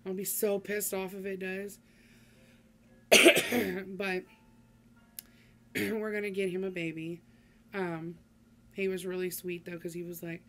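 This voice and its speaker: A woman's voice: medium pitch, flat delivery, takes it slowly, long pauses, pushed and bright, slight background noise. A middle-aged woman chatting casually to her vlog audience, rambling with many ums and restarts. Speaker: vlogger. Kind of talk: casual chat to camera.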